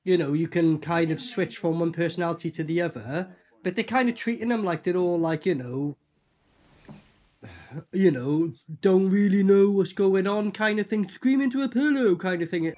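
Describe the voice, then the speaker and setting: A film reviewer giving casual, profane reaction commentary and acting out characters in quick asides. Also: mid-range voice, darkish tone.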